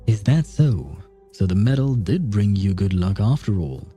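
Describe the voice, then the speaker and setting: A man's voice: lowish voice, big pitch swings, normal speed, dark tone, soft background music. A man voicing a mocking old hag in a video game. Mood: sneering. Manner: sneering.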